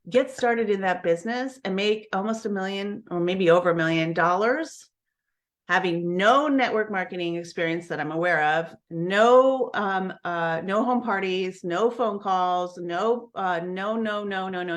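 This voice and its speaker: Candid woman telling a personal story. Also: mid-range voice. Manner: candid and earnest, with frequent restarts. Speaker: network marketing coach. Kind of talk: personal storytelling on a live stream.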